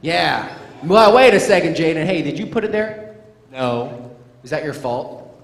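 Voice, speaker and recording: A man's voice: a little high, expressive, measured pace, gravelly. A man giving a playful motivational talk to schoolchildren, acting out little scenes. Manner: playful, acts out scenes for children. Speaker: motivational speaker. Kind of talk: animated school assembly talk. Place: school gym or auditorium. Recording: echoey hall, faint crowd noise.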